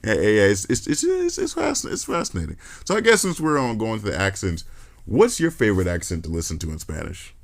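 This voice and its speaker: A man hosting a podcast in casual chat, telling stories in an animated, joking, profane way. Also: on the low side, a little fast. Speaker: podcast host.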